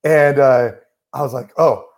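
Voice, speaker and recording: Animated man telling a story on a podcast. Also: a little high, fairly quick. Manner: animated storyteller, many fillers like "like" and "you know". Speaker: podcast co-host.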